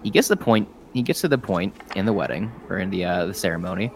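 Low-voiced casual game master. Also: male voice, lively intonation, fast, slight background noise. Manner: casual, rambling, profane narration with many fillers. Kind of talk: narrating a tabletop game.

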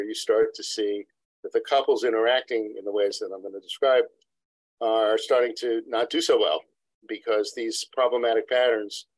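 A man's voice: lowish voice, dry recording, poor audio. A man, a couple therapist, explains research in a lecturing, digressive way as an interview guest. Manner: lecturing, digressive, acts out quotes. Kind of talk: expert explaining in a podcast interview. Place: New York City practice.

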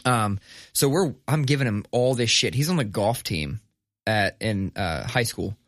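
A man's voice: fairly low pitch, animated, a little slow, no room sound, studio quality. A young adult man hosting a podcast, telling stories in a casual, profane, laid-back way and laughing as he goes. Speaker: podcast host. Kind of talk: casual storytelling chat.

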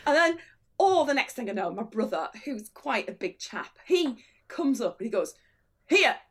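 A woman's voice: on the high side, big pitch swings, moderate pace, slightly rough. A middle-aged woman, an illustrator, telling a funny story on a chat show and laughing through her lines. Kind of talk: comic anecdote on a chat show.

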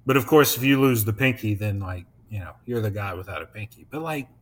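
With a fairly low, expressive voice and a slightly quick pace, this young podcast host keeps things casual, wandering off on tangents, laughing often and cursing freely.

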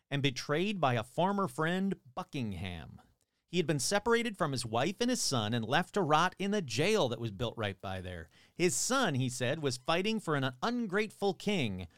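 A man's voice: mid-range voice, smooth, no room sound, clean studio sound. A man casually retelling a strange tale, with sarcastic, irreverent asides and the odd swear. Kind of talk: casual storytelling narration.

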